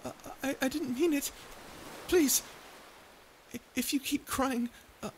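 A woman's voice: high voice, fairly even intonation, normal speed, slight background noise, close to an everyday voice. A woman voicing a prickly young sea creature who stammers and hides her fear behind insults, in a listener-perspective audio drama. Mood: flustered. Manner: stuttering, flustered tsundere bluster.

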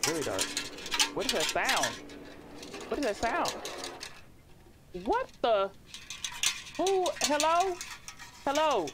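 A horror game streamer giving let's play commentary, talking to themself and jumping into sudden high-pitched yelps. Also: background noise. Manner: talks to themself, reads game text aloud.

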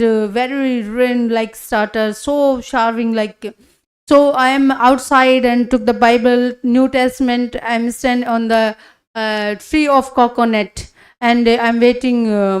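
A woman, giving a personal testimony at a church conference in halting, broken full of hesitations. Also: on the high side.

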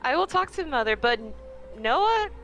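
A woman playing a tabletop game in a playful, animated way. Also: sits high, measured pace, soft background music. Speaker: player.

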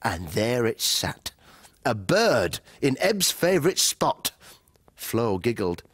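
A man playing a cheerful grown-up on a fishing trip in a children's show, reading a story aloud in a gentle, sing-song way. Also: mid-range voice, big pitch swings, takes it slowly, husky, no room sound, heavily acted. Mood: storytelling.

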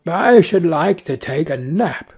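A man's voice: a little high, big pitch swings, takes it slowly, vocal fry, a little mellow, exaggerated voice. A man doing a weary, hungry old dog. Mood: tired.

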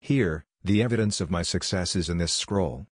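A cool teenage masked killer who answers in flat, clipped words, read by a man. The voice sits low and husky. The sound is dry and close. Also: moderate pace, no room sound. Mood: calm. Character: calm, respectful teenage male masked assassin.

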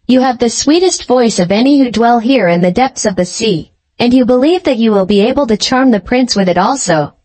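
Woman reading a scheming old sea witch from a storybook: cold, deliberate, mocking. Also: on the high side, animated, a little mellow.

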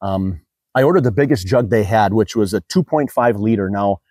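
Chatty American man, mellow dry voice. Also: on the low side, moderate pace, husky, no room sound. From United States. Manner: chatty, rambling with many fillers. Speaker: car detailing YouTuber. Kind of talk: casual product review vlog.

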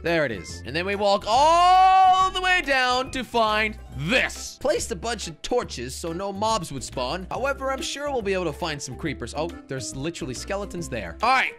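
A man hosting a gaming video, giving excitable Let's Play commentary that swings from mutters to shouts. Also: high-pitched.

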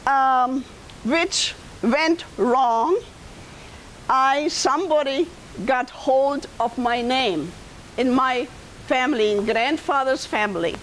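A woman's voice: high-pitched, takes it slowly, fairly bright tone, slight background noise, rough recording. A woman in her seventies with a German accent, telling her life story to an audience in a conversational way, turning to listeners with asides. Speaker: guest speaker and author.

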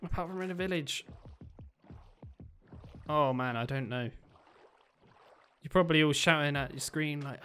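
A man's voice: fairly high pitch, a little slow, pauses often, soft background music. Chatty man narrating his gameplay. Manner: chatty, thinking aloud, excitable bursts. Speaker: gaming video creator. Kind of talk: let's-play commentary.

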